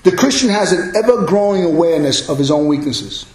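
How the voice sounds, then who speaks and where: A male pastor preaching a sermon, emphatic and building to loud exclamations. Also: fairly high pitch, expressive, brisk, roomy sound, rough recording.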